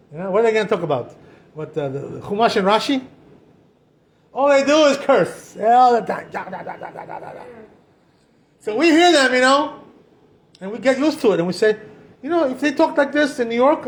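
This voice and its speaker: Chatty rabbi. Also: male voice, high voice. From Israel. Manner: chatty, peppers speech with "you know" and "right?"; animated, acts out quoted voices. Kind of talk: informal Torah talk.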